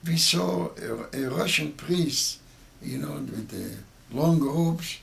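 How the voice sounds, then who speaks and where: A man in his eighties with Yiddish as his first language, telling a story with halting, repeated words that grow emotional. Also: on the high side, expressive, vocal fry, a bit bright. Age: 80s. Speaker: interviewee. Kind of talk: oral history interview.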